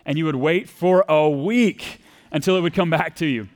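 This pastor, Texas accent and all, preaches as if chatting, acting out quoted voices and asking the congregation questions. His pitch is fairly high and his pace moderate.

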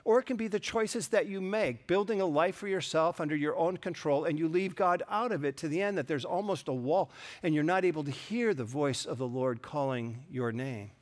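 A man's voice: a little high, normal speed. A middle-aged man preaching a sermon, earnest and storytelling, with touches of self-deprecating humor. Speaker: pastor.

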